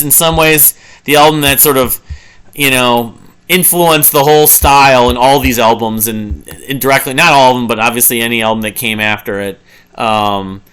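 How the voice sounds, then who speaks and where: A man's voice: medium pitch, fairly bright tone, clean tone. A man in his forties reviewing albums in a casual, rambling monologue, full of fillers and restarts and humming riffs to make his points. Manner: hums and sings riffs to illustrate. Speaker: music reviewer.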